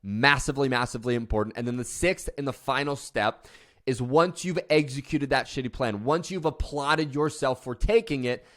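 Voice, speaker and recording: A man's voice: mid-range voice, a bit bright. A man giving a passionate, emphatic motivational talk. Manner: passionate, emphatic, mocking voice at the start. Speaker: motivational speaker.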